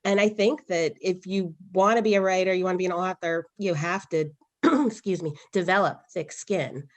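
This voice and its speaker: An earnest woman author shares frank, matter-of-fact advice on an online panel. Her voice sits a little low and steady. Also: normal speed. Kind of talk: casual panel discussion.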